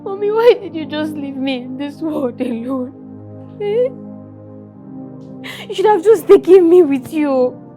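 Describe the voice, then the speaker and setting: An actress with a Nigerian accent playing a polite, mistreated orphan girl who speaks softly and with deference. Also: high voice, lively intonation, normal speed, soft background music. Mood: grieving. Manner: polite, deferential, soft-spoken. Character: orphaned young woman, grieving and mistreated.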